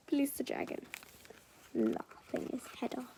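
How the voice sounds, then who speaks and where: Slow, whispery woman reading a kids' book. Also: high-pitched, huge pitch swings, dark tone, breathy edge. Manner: often drops to a whisper, chatty asides to listeners. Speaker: storyteller. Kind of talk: reading a children's picture book aloud.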